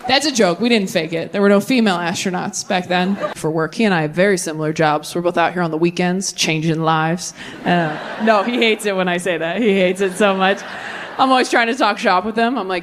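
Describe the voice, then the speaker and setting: A young woman performing a stand-up comedy set, animated and quick to jump into high-pitched character voices. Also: a little hiss or hum. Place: comedy club stage with audience laughter.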